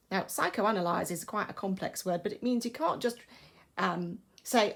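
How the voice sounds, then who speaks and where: A woman's voice: a little high, big pitch swings, normal speed, creaky, breathy edge. A woman with an English accent, a primary school teacher, giving a recorded lesson and explaining patiently and expressively.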